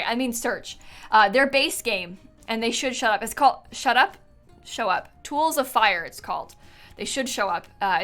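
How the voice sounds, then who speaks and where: A woman with a slightly high, pushed, bright voice streams herself building in a game, chatting casually and thinking aloud. She's tired, using lots of fillers, giggling often, and yawning from time to time.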